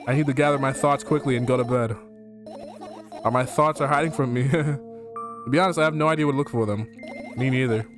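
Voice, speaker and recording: A man's voice: medium pitch, fairly quick, long pauses, music in the background. Man streaming a horror game. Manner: swears a lot, laughs, reacts loudly. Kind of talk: let's play commentary, reading game text aloud.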